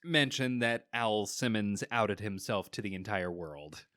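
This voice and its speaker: A man co-hosting a podcast, chatting casually and hesitantly with many pauses to find his words. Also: fairly low pitch, animated, a bit bright, dry recording, studio quality. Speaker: podcast co-host. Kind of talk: casual chat reviewing comics.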